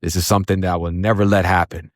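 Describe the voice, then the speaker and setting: A man's voice: deep voice, flat delivery, quick pace, no room sound, studio quality. A man from Florida telling a story in casual, blunt speech, swearing freely and using lots of fillers. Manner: blunt and profane, with many fillers.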